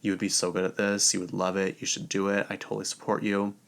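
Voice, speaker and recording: A man's voice: deep voice, completely flat delivery, fast, creaky. A man doing a gushing, supportive young woman. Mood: encouraging. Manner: gushing, encouraging.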